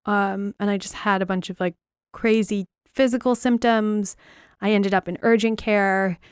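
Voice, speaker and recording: A young woman hosting a podcast, telling a personal story frankly with lots of fillers and dark humor. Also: mid-range voice, steady tone, normal speed, smooth, dry recording, clean studio sound. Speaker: podcast host.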